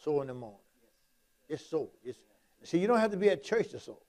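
A man's voice: fairly high pitch, sing-song, a little fast, darkish tone. A man preaching a sermon in a folksy, repetitive, emphatic way, quoting Scripture.

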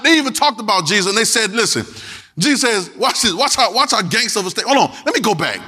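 A man preaching with a high, bright and forceful voice. He talks emphatically, repeating phrases and calling out to his listeners. His sermon delivery has a tense, ringing edge. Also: sing-song, quick pace, husky, big-room sound. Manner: emphatic, repetitive, calls out to the congregation.

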